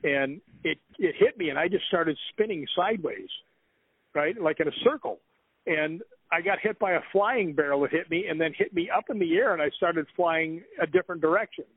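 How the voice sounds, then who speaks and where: A man with a fairly high voice spins a rambling story as an interview guest and laughs between the lines. The sound is thin and phone-like, with a dry, close feel. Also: moderate pace, breathy edge, no room sound. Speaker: guest author.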